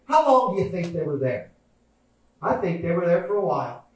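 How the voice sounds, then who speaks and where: High-pitched shouting preacher in echoey hall. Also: male voice, sing-song, brisk, pauses often. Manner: shouting, acting out voices of people in the story. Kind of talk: sermon. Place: church sanctuary. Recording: very echoey hall, mic from a distance.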